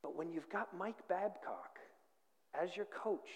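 A middle-aged man preaching a sermon as pastor, swinging from hushed, slow phrases to loud, fervent climaxes. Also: sits high. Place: large church hall. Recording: long hall reverb.

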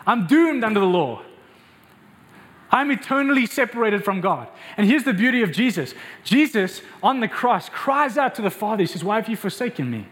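A man's voice: high-pitched, lively intonation, normal speed, fairly bright tone. A man preaching a passionate, emphatic sermon and speaking directly to his congregation in a church. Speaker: pastor.

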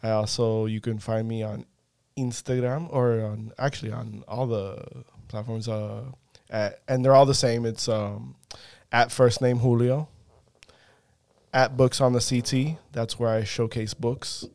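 A man's voice: mid-range voice, steady tone, unhurried, vocal fry, a little mellow, dry recording, clean studio sound. A man chatting as a podcast guest, hesitant, with many fillers and restarts. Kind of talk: casual chat.

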